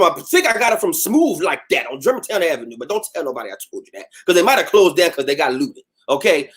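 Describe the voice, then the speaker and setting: Philly guy hosting a live chat, super animated, talks straight to the viewers. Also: on the high side, breathy edge. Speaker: host. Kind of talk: casual livestream chat.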